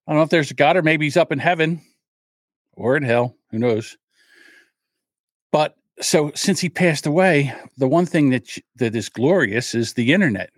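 A man's voice: fairly high pitch, animated, moderate pace, no room sound, studio quality. Nervous, rambling older man hosting solo. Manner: rambling, self-deprecating, openly nervous. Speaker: podcast host. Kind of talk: solo livestream chat.

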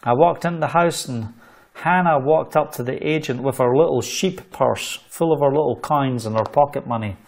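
A man's voice: medium pitch, moderate pace, creaky. A middle-aged man from the United Kingdom preaching a sermon, telling a story and acting out the voices of the people in it. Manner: animated, acts out quoted voices in storytelling.

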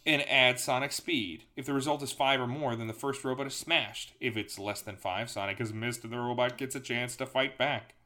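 A man's voice: medium pitch, steady tone, normal speed, few pauses, pushed and bright. A man hosting and reading an interactive gamebook aloud as game master, casual and joking.

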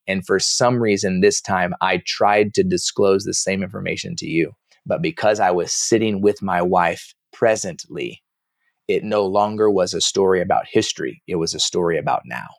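A man speaking as a podcast guest, telling personal stories in a lively, casual way and acting out the dialogue. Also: low voice, normal speed, vocal fry, no room sound, studio quality. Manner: animated, acts out quoted dialogue, casual slang. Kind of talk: candid personal storytelling.

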